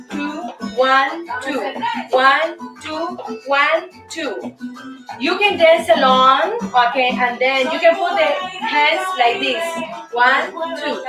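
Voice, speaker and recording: A Cuban woman with a Spanish accent hosts a dance lesson, playfully counting out steps and beats. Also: high-pitched. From Cuba. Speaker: host and dance teacher. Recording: roomy, mic from a distance, faint music.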